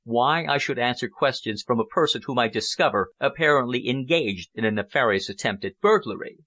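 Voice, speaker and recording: A man reading an audiobook, voicing a calm, self-assured male businessman who speaks quietly and with command. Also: mid-range voice, fairly quick, lightly acted. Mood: cool.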